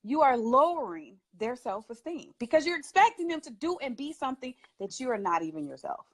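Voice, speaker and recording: A woman's voice: sits high, sing-song, brisk. A woman who is a parent, a guest on a talk show, giving advice in an emphatic way and laughing often. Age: adult parent. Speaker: guest speaker.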